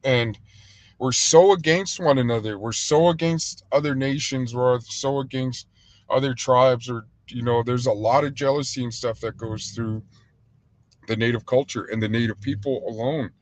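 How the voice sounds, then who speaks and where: This American livestream host, who runs a restaurant, speaks at a normal speed with a medium-pitched voice. His casual talk wanders and grows heated, full of filler words, and there's no audible room sound.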